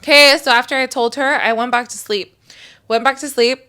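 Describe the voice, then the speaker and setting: Casting note: young woman co-host, chatty storyteller, fairly high and bright. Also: fairly even intonation, brisk. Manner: chatty, lots of "like" fillers, casual swearing. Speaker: podcast co-host. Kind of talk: casual storytelling chat.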